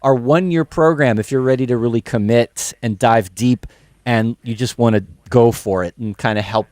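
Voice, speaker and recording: A man's voice: mid-range voice, darkish tone, no echo. A man hosting a casual livestream from a music school studio, upbeat and chatty, greeting viewers by name. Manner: upbeat, greets chat names one by one. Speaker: livestream host. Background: electronic music playing.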